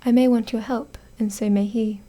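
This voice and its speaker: An Australian woman whispers a dry, self-assured male detective for this whispered role-play. Her tone is mellow and a little high. She keeps the delivery soft and even. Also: moderate pace, lightly acted. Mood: brisk.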